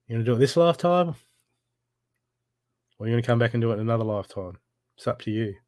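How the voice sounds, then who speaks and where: A man's voice: mid-range voice, lively intonation, quick pace, a little mellow, dry recording, clean studio sound. A man giving a live intuitive reading, blunt and urgent, swearing freely as he presses the listener to heal. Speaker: spiritual reader.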